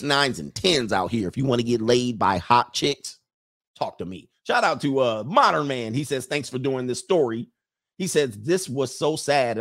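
On a livestream, a man with a mid-range, fairly bright voice reads viewers' comments aloud in a casual way. He rambles and chuckles whenever he loses track of what he was saying.

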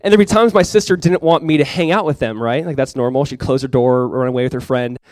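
A young adult man preaching a sermon as pastor, casual and chatty with many fillers, praying softly and slowly at times. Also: mid-range voice, no echo. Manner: soft, slow prayer.

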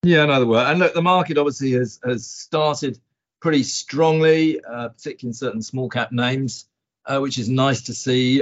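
A man hosting a podcast about markets, talking casually and rambling with fillers and restarts. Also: mid-range voice. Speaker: podcast host. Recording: dull lo-fi audio.

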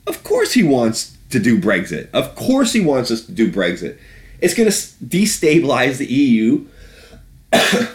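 A man ranting about politics on a podcast, profane and sarcastic. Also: mid-range voice. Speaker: podcast host. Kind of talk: casual political rant.

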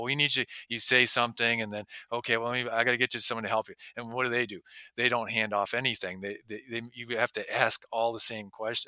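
A man's voice: mid-range voice, sharp tone, no room sound. A man hosting a dental interview show, chatting casually and acting out the phone calls patients get. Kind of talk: conversational interview.

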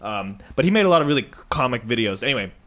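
Young man, casual storyteller, hesitant, animated intonation. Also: mid-range voice. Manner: halting storyteller with many ums and restarts. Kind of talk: casual chat, telling a joke.

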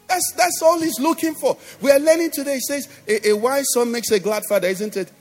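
High-voiced Nigerian pastor preaching emphatically. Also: male voice, a little fast, faint music behind. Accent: Nigerian English. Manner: emphatic call-and-response preaching, asking "do you understand?". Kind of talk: sermon. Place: church.

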